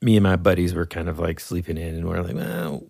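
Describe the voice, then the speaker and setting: Deep gravelly man telling a story. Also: fast talker, dry recording, clean studio sound. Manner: animated, laughs often, acts out yells. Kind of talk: casual storytelling chat.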